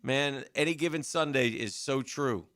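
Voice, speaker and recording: A man's voice: mid-range voice, moderate pace, fairly bright tone. A man hosting a sports radio show, chatting loosely about a football game and often repeating words as he goes. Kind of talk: casual sports talk. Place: radio studio.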